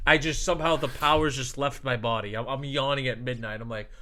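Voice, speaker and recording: A man's voice: mid-range voice, fast, over a noisy crowd. A man in his twenties from Boston, hosting a podcast and chatting casually with jokes, banter and swearing. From Boston, Massachusetts. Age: 20s. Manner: animated, swearing, jokey banter. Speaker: podcast host. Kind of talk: casual chat.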